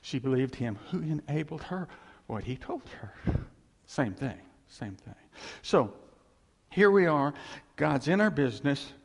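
Animated preacher in a reverberant hall. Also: male voice, fairly high pitch, moderate pace, vocal fry. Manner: animated, conversational preaching with sudden loud and soft turns. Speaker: pastor. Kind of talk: sermon.

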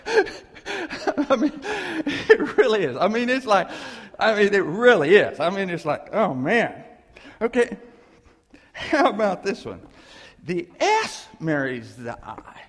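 Male seminar speaker, high and very lively voice, acts out his examples. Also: slow pace, pauses often, breathy edge, in a large hall. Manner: animated, jokey, acts out characters. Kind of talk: lively lecture with acted examples.

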